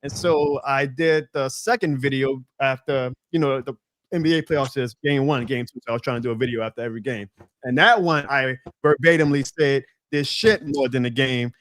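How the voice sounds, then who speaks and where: A man's voice: brisk, no room sound. A young man with a thick New Orleans Southern accent, chatting as a podcast guest and telling stories animatedly. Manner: animated storyteller, lively pitch jumps. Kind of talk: casual chat on a video call.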